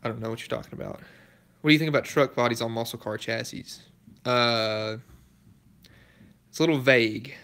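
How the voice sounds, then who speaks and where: A man's voice: medium pitch, fairly even intonation, a little fast, pauses often, fairly bright tone. A man running a casual live stream from his garage, reading viewer comments aloud and chatting in a laid-back way. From Southern United States. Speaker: car restoration YouTuber. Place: garage workshop.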